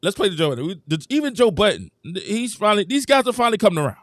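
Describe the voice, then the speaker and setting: Animated man hosting a sports live stream. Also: high voice, rapid-fire, no room sound, clean studio sound. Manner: animated, emphatic, thanks viewers, talks straight to chat. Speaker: host.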